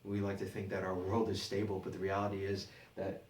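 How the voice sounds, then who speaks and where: A man preaching a sermon, halting and repeating words as he explains scripture. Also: low voice, completely flat delivery, a little mellow. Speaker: pastor. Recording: echoey room, mic at a distance.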